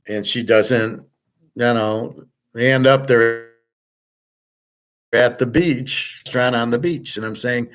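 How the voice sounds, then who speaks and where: A man's voice: mid-range voice, measured pace, fairly bright tone. A middle-aged man telling a personal story in a casual monologue, blunt and profane, often restarting his sentences and heatedly quoting what he told others. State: aching back, jet-lagged. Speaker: host.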